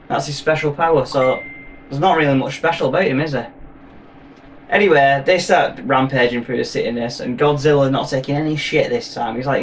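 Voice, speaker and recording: A man's voice: fairly high pitch, moderate pace. A man recapping a film in a rambling, profane, jokey way. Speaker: film reviewer. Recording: voice from a distance, faint noise.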